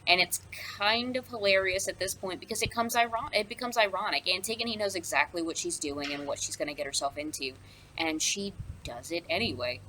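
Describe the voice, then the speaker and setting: A woman's voice: lowish voice, a little fast, pushed and bright, a little hiss or hum, low-quality recording. Chatty woman teacher explaining a play. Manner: chatty, with many fillers and asides. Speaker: high school English teacher. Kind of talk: casual recorded lesson.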